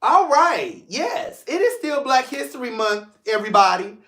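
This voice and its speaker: A man's voice: very high voice, moderate pace, reverberant. A man from St. Louis hosting his own talk show, chatting casually and jokingly, shifting into earnest reflection. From St. Louis, Missouri. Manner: animated, joking, drifts between playful and emotional. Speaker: podcast host. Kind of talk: casual solo livestream talk.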